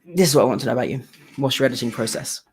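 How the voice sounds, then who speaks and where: Fast-talking husky British man. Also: medium pitch, lively intonation. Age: 30s. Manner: chatty, repeats words while finding his point. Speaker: host of a theatre live chat. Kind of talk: casual chat.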